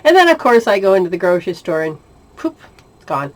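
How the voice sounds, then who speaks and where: Animated woman telling a personal story. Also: lowish voice, fast talker. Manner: animated, often laughing, acting out dialogue. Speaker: spiritual intuitive sharing experiences. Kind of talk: casual storytelling monologue.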